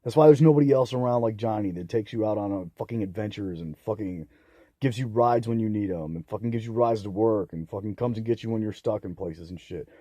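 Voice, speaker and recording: A young man ranting angrily on his own, profane and bitter, swinging into loud outbursts. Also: fairly low pitch, fairly quick, no echo. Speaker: vlogger. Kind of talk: angry solo rant to camera.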